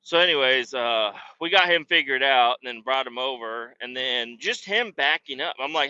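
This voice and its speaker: A man's voice: medium pitch, lively intonation, moderate pace, hardly any pauses, pushed and bright, smooth, dry recording. A man hosting a podcast, telling a work story in casual, exasperated, profane rants. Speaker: podcast host. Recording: dull lo-fi podcast audio.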